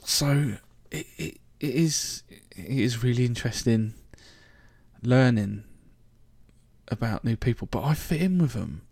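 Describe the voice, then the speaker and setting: This podcast host, a Londoner with a London accent, rambles and jokes through a chatty solo monologue. His medium-pitched voice is expressive, slightly mellow, and husky, and he's unhurried. There's no room sound.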